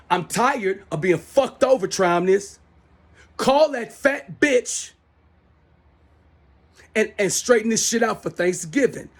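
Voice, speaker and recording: A middle-aged man with a high-pitched, slightly rough voice hosts his own self-styled show, ranting angrily into his smartphone. The rant to camera is heated, profane, and repetitive.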